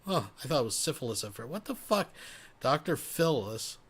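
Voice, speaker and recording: Male reaction host, mid pitch, deadpan sarcasm with a lot of swearing. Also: moderate pace, slightly rough. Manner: sarcastic, profane asides. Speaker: commentary host.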